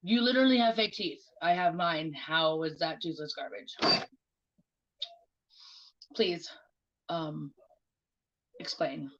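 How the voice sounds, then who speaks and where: A woman's voice: sits low, lively intonation, normal speed, a bit bright, dull audio. A woman livestreaming in casual chat, talking bluntly with lots of swearing and mocking remarks.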